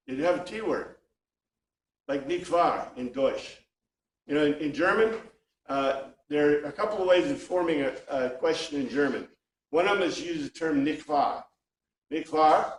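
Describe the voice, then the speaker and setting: A man on the high side of pitch thinks out loud while teaching a casual Bible class to a small group, restarting often at a moderate pace. The recording is echoey, distant from the mic, with slight background noise.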